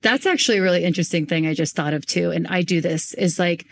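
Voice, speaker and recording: A young woman hosts a relaxed podcast conversation, her voice sitting a touch low for a woman. She talks with animated energy, circling back and restarting phrases as she thinks out loud. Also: fast. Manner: animated, repeats herself often while working through thoughts. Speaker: podcast host and business coach. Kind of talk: casual conversational interview.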